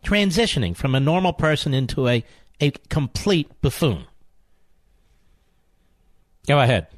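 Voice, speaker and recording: A man's voice: a little high, sing-song, unhurried, dry recording. A man hosting a talk radio show, delivering a combative, sarcastic monologue full of mocking insults.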